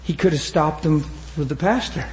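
A man preaching an impassioned sermon, shouting at times and then dropping to a hushed retelling, urging the crowd on. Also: fairly high pitch, moderate pace, reverberant, a little hiss or hum. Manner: urges the crowd with repeated calls of "come on".

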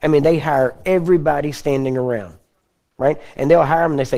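A man from Texas preaching a teaching sermon. He talks in a folksy way, keeps checking in with "Amen?" and "You understand?", clears his throat often and slows down to read scripture. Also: a little high, steady tone, warm tone. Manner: slows down when reading scripture.

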